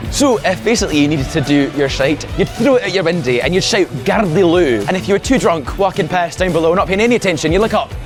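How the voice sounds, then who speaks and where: A man with a warm Scottish accent guides a walking tour with a lively storytelling voice, pitched a little high. He tends to climb higher when he reaches a punchline. Faint music plays softly under his voice. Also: quick pace. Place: outdoors on city streets.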